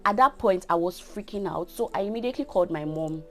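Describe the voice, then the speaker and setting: Young Nigerian woman, 20, casual chatty vlogger, slightly low voice. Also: lively intonation, fast talker, faint music behind. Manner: chatty, often asks "do you get?". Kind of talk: casual storytime.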